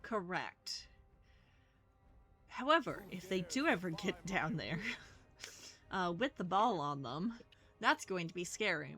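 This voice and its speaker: A woman's voice: fairly low pitch, very animated, slow pace, long pauses, a bit bright, soft background music. A woman casting a live video game match with a dry, wry humor. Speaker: esports caster.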